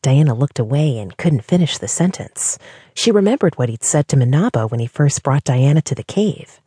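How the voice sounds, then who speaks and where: A woman narrating an audiobook in an expressive storytelling manner. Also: low voice, moderate pace, slightly rough, dry recording, studio quality.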